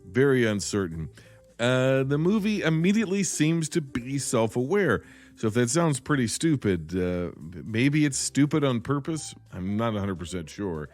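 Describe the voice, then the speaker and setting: A man's voice: medium pitch, normal speed, faint music behind. A man hosting a comedic film review, sarcastic and mocking as he retells scenes. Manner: sarcastic, animated, mocking voices for quoted lines. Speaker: podcast host reviewing a film.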